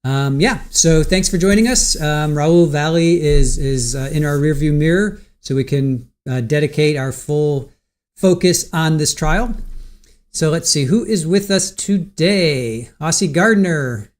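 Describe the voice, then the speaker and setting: A man's voice: a little high, unhurried. Chatty man hosting a trial livestream. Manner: chatty, greets chat viewers by name, many fillers. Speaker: livestream host covering a trial. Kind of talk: casual livestream commentary.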